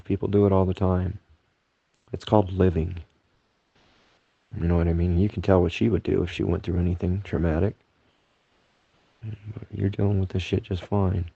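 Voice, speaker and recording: Deep raspy guy in a voice msg, angry, swearing, comforting, dull lo-fi sound. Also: no room sound. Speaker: partner sending a video message. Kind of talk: casual recorded voice message.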